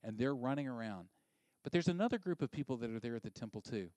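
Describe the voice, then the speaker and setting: Animated man preaching a sermon. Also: medium pitch, fast talker, no room sound. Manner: animated, dropping to a hushed near-whisper for emphasis. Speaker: pastor.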